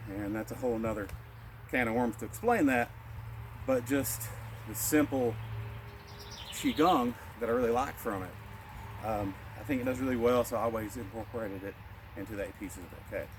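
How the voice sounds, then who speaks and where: A man teaching a guided qigong lesson as a martial arts instructor, calmly cueing breaths and movements. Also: medium pitch, normal speed, pauses often, a little hiss or hum. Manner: calm, cueing breaths and moves.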